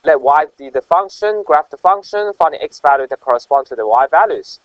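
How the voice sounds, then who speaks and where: A man's voice: fairly high pitch, lively intonation, a little fast, no echo. A man teaching an online math lesson, explaining step by step, checking often with "right?" and "okay?", with slightly non-native English phrasing. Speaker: math tutor. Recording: dull, slightly lo-fi dry audio.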